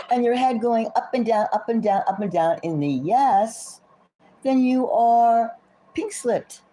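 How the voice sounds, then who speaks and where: A woman hosting a tarot channel, ranting about politics in a rambling, indignant way, full of rhetorical questions and self-interrupting asides. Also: medium pitch. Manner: rambling with frequent restarts and asides. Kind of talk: rambling political commentary to camera.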